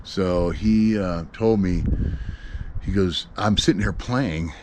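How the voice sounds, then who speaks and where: American guy, middle-aged, kinda low voice, rambling about his gig gear, lots of ums, noisy home video sound. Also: slow. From USA. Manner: rambling, swears freely, many fillers and restarts. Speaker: solo gigging musician. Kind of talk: casual gear-update vlog.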